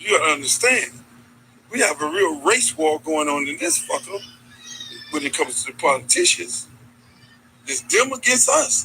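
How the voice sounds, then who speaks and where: A man tells a story with big energy, cursing freely and playing out each person's lines himself. His voice sits high and bright and leaps up and down constantly. There's a faint hiss under it. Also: sing-song, moderate pace, vocal fry, pauses often, low-quality recording. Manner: profane, acts out other people's lines. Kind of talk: animated storytelling.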